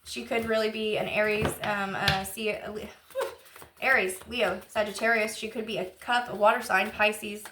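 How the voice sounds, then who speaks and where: A woman's voice: mid-range voice, level tone, normal speed, noisy background. A woman giving a casual channeled tarot reading, chatty and emotional, rambling with lots of fillers. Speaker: intuitive tarot reader.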